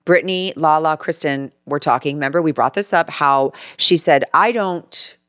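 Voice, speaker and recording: Lower-voiced woman podcast co-host, dry sound. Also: moderate pace, a bit bright, clean tone, no echo. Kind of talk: casual recap chat.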